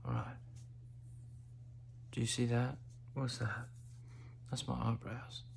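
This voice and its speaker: A man hosting a casual monologue while high, drifting into whispery asides. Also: little pitch movement, slow, gravelly, a little hiss or hum. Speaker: host.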